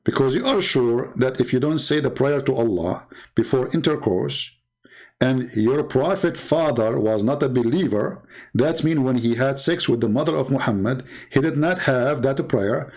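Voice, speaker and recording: Male debate host, middle-aged, gravelly voice, sarcastic and mocking delivery. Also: medium pitch, normal speed, a little mellow. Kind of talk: mocking commentary on videos.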